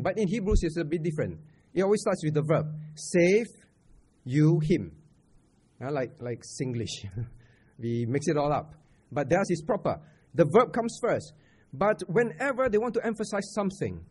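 A Singaporean man preaches to a camp audience in a husky, somewhat high voice. He stays conversational, keeps checking in with questions and circles back to repeat his key points. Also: a little mellow. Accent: Singaporean English. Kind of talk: sermon teaching on scripture.

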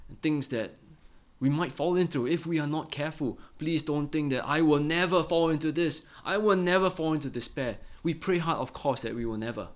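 A middle-aged man preaching a Bible-study sermon in an earnest way, often ending phrases with a quick "right?". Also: medium pitch, fairly bright tone. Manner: earnest, ends many phrases with a tag question "right?".

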